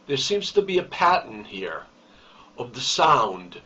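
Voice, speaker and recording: Slow, deliberate male teacher, distant lo-fi sound. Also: mid-range voice, very animated, sharp tone. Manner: slow, deliberate explaining with emphasis on key terms. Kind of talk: recorded poetry lesson. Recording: distant, dull lo-fi recording.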